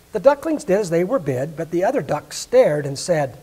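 A man reading a fairy tale aloud with expressive storytelling at a Sabbath service. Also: fairly high pitch, moderate pace, hardly any pauses, breathy edge.

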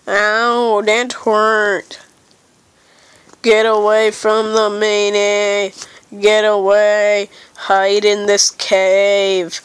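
A woman's voice: mid-range voice, completely flat delivery, very slow, clear, resonant tone, no room sound, low-quality recording. A young woman with a stuffy nose giving silly, rambling commentary while playing a game. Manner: silly, rambling, playfully dramatic. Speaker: gamer. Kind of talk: casual gameplay commentary.

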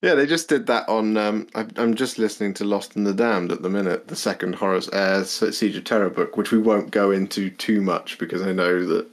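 A man's voice: on the low side, fairly even intonation, a little fast, hardly any pauses. A man co-hosting a podcast in casual, rambling chat with lots of self-corrections. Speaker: podcast co-host.

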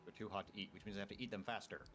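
A man's voice: lowish voice, fairly even intonation, rapid-fire, a bit bright, a little hiss or hum. A man chatting casually while playing a game, explaining its mechanics in a laid-back way. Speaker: gamer. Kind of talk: casual co-op gaming chat.

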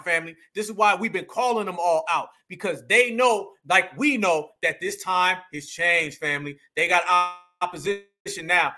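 A man's voice: high-pitched, bright, forceful tone. A man doing heated reaction commentary, mocking the clip he plays and repeating his phrases for emphasis. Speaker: online political commentator.

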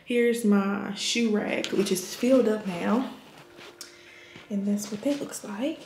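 A chatty young woman in her twenties gives a casual home tour vlog, calling her viewers y'all. Her voice has a gravelly, fry-tinged edge. She is recorded in an echoey room with a faint hiss behind her. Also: mid-range voice, slow pace, darkish tone. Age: 20s. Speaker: nurse vlogger. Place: her apartment, indoors.

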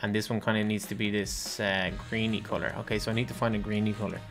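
A man chatting casually while playing a building game, thinking aloud and breaking into loud panicky bursts. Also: on the low side, flat delivery, fast, gravelly, faint music behind. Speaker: gaming channel host. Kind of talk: casual gameplay chat.

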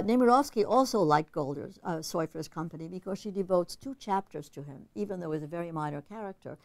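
A woman's voice: fairly low pitch, vocal fry, darkish tone, no room sound. A woman giving an academic literature lecture in an analytical, conversational way, thinking aloud as she goes.

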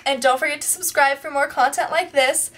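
A woman's voice: high voice, steady tone, a little fast, fairly bright tone, recorded from a distance, slight background noise. A young woman vlogger ranting in a chatty, frustrated way to her viewers. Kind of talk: casual vlog rant.

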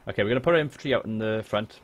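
A man's voice: lowish voice, rapid-fire. Chatty Welsh man streaming a game. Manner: excitable, jokey, swears freely. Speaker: game livestreamer. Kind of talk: casual live gameplay chat. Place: home room.

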